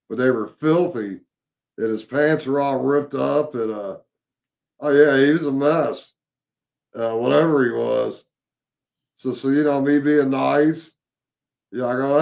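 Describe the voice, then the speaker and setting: Gravelly man telling a rambling story. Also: mid-range voice, a little mellow. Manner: rambling, halting, full of fillers and restarts. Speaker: witness telling an encounter story. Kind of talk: casual storytelling.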